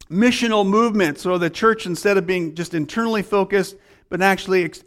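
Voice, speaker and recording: A man preaches a sermon in a fairly high voice. He tells a story and acts out its conversations, rising and falling in pitch and slowing down or speeding up as he goes. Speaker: pastor.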